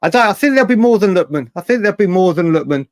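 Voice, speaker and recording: Young man, casual stream host, slightly high voice, dry close sound, banters with chat and laughs a lot. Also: lively intonation, racing, dry recording. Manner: chatty, banters with viewers by name, laughs often. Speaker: livestream host.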